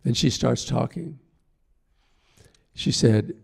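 This is an older male priest with a low, gravelly voice and a dark, mellow tone. He tells his stories slowly and reflectively, often breaking off and starting a sentence again. He acts out the voices of the people he quotes. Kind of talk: storytelling talk.

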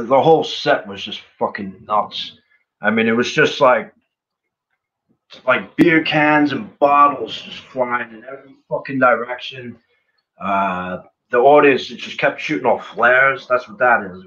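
Dull audio carries a medium-pitched man's bright, forceful voice. He sings in a punk band and, joining an interview via remote live stream call, rambles through road stories, swearing nonstop and filling gaps with fillers.

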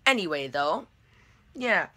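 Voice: medium pitch, big pitch swings, takes it slowly, sharp tone. A chatty, self-deprecating vlogger talking casually to the camera. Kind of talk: casual vlog chat. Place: store, then at home.

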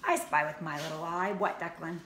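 A woman who teaches first grade, reading a picture book aloud to her class in a slow, expressive storybook manner. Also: lowish voice. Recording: roomy echo, faint ambient noise.

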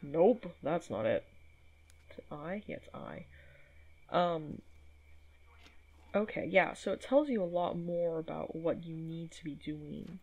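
A woman chats her way through a video game, swearing now and then and reading notes aloud. Her voice is gravelly and a little husky. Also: sits low, lively intonation, takes it slowly, long pauses, phone-quality sound. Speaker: gaming video host. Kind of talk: casual let's play commentary.

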